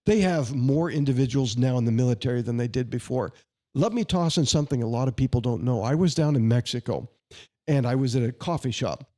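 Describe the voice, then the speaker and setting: A man's voice: medium pitch, warm tone. A man answering questions as a candidate in a podcast interview, speaking emphatically, with indignant, sarcastic jabs and chatty anecdotes. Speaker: congressional candidate.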